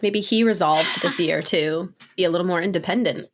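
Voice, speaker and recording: A woman with vocal fry and a scratchy throat co-hosting a podcast in relaxed, casual chat full of "like" and "um". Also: fairly low pitch, a little fast. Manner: relaxed, uses lots of "like" and "um". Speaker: podcast co-host.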